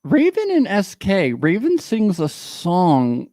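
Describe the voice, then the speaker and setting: A man's voice: high voice, huge pitch swings, slow, dark tone, dry recording. A man co-hosting a casual recap podcast, joking and rambling with lots of fillers. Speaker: podcast co-host.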